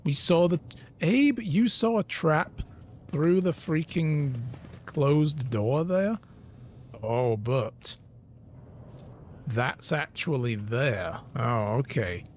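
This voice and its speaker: A man streaming a video game, reacting excitedly and reading in-game text aloud. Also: a little high, very slow, long pauses, a little hiss or hum. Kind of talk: let's play commentary.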